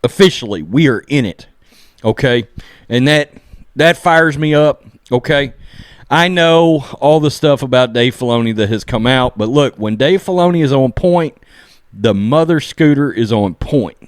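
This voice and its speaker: A man giving a casual episode review, excitedly recapping scenes and acting out the characters' lines, often saying "okay?" and "look". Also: mid-range voice, unhurried, dry recording, studio quality. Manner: animated, acts out character lines while recapping. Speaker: show reviewer.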